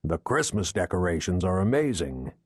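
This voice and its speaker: A man's voice: deep voice, big pitch swings, moderate pace, slightly rough, no room sound, full character voice. A man voicing a Russian hitman who fakes casual, friendly American small talk. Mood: casual cover.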